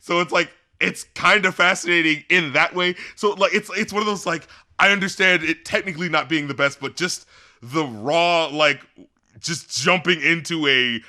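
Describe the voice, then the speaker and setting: A man co-hosting an album-review podcast, talking in rambling, animated casual chat with frequent laughs. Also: on the high side, moderate pace. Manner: animated, rambling, laughs often, acts out rap lines.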